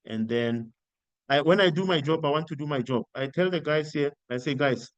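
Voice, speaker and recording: A middle-aged man from South Africa giving informal career coaching, animated and acting out the dialogue he quotes. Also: fairly high pitch, fairly quick, dry recording, dull audio. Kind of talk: informal spoken coaching talk.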